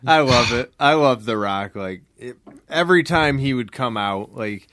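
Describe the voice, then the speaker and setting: A man with a mid-pitched voice chats casually on a podcast, laughing often and swearing his way through long recollections. The recording is dry and close. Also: expressive, normal speed, a bit bright, no room sound. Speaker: podcast guest or co-host. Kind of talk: casual profane chat.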